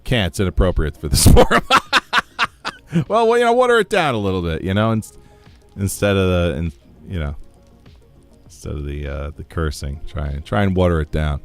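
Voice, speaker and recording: A man's voice: low-pitched, big pitch swings, normal speed, long pauses, faint music behind. A man from the United States streaming a game, chatting casually, reading chat aloud and laughing often.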